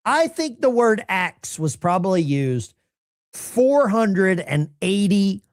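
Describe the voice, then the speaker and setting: A man hosting live political commentary, incredulous and animated, talking straight to his chat. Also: high-pitched, slow pace.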